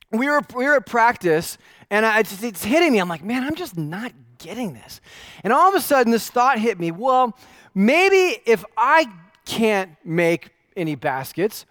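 A man's voice: high voice, fairly bright tone, no echo. A young adult man preaching a sermon as pastor, telling a story in a casual, self-deprecating way with lots of filler words.

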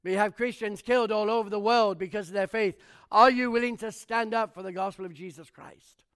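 A man with a notably high voice preaching a sermon. He tells his testimony as animated stories and presses the listeners with fervent rhetorical questions. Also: a little fast, smooth. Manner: animated storytelling.

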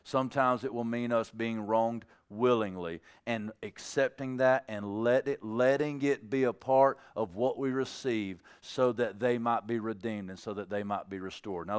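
A man preaching a sermon in a church, conversational and animated, acting out little dialogues with the congregation. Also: mid-range voice, clean tone. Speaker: pastor.

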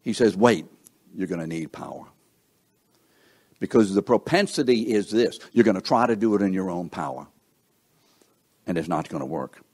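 A man's voice: low-pitched, lively intonation, moderate pace, long pauses, a little mellow, slightly rough. A man preaching a sermon in a conversational way, often asking his listeners questions and acting out what people think. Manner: conversational, asks the listeners questions, acts out quoted thoughts.

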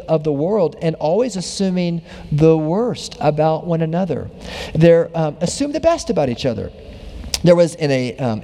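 A man's voice: fairly high pitch, mellow, long reverb tail. A man pastor delivering a conversational sermon in a church, with dry jokes and easygoing asides. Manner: conversational preaching with self-deprecating jokes. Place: church sanctuary.

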